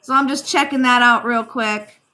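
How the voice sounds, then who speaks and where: Woman, Rhode Island accent, live-stream psychic host, friendly "darling" patter, slightly high bright voice. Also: steady tone, moderate pace. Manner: chatty, calls viewers darling, many ums. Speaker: psychic reader and livestream host. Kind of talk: live-stream chat and card reading.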